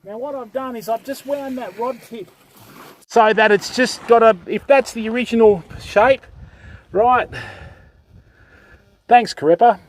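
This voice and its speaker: A man's voice: very high voice, unhurried, pauses often. An older Australian man hosting a fishing livestream from the beach, chatting casually and greeting viewers by name while explaining what he's doing. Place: beach outdoors.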